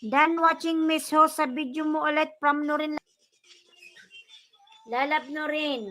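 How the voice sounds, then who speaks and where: A woman from the Philippines with a Filipino accent, hosting a casual livestream, mixing English and Tagalog as she reads viewer comments and gives shout-outs. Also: high-pitched, fairly even intonation, a little slow. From Bicol, Philippines. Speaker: livestream host.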